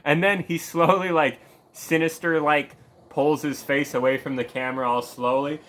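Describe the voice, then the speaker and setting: A man's voice: on the high side, fairly even intonation, normal speed, fairly bright tone, a little hiss or hum. A man casually commenting over gameplay, rambling and swearing and laughing at his own jokes. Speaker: gameplay streamer.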